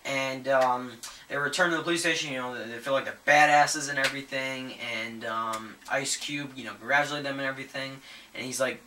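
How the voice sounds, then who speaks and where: Male movie vlogger, eager and rambling, crisp bright tone, roomy echo. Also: mid-range voice, steady tone, brisk, far from the mic. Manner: rambling, many fillers and restarts; enthusiastic. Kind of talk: casual news commentary. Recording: echoey room, voice set back from the mic, faint ambient noise.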